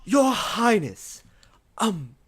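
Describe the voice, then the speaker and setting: A man's voice: sits high, very animated, very slow, slightly rough, voice pushed up, exaggerated voice. A man voicing a cautious male squirrel general who advises a king in a tabletop game, speaking hesitantly.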